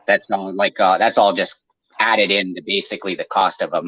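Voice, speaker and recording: A man's voice: low voice, steady tone, normal speed, fairly bright tone, slightly rough, highs cut off. A man who runs an aquarium maintenance business, chatting casually and explaining at length with plenty of fillers. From Canada. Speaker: aquarium maintenance service owner. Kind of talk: casual podcast chat.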